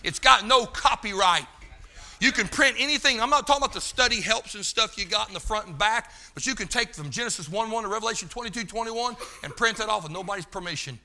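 A man preaching a sermon in a fervent, folksy way, talking straight to the room and rising to shouts. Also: high-pitched, quick pace, slight background noise. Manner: loses his place, talks to the room.

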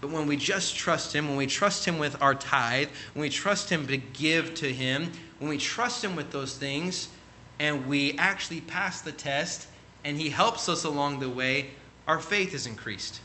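Man, 30s, pastor, earnest repetitive sermon delivery, bright and a little high. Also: a little slow, a little hiss or hum. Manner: earnest preaching with repetition, closes in prayer. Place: church room.

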